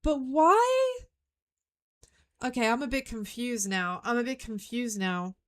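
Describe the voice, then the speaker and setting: High-voiced woman streaming a puzzle game. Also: unhurried. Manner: excitable, thinks aloud, repeats her own phrases. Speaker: VTuber streamer. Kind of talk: live game stream commentary.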